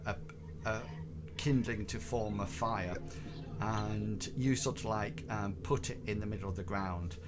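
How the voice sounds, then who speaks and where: A man's voice: fairly low pitch, background noise. A man running a tabletop game on a live stream, narrating scenes in a hesitant way, full of ums and restarts. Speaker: game master.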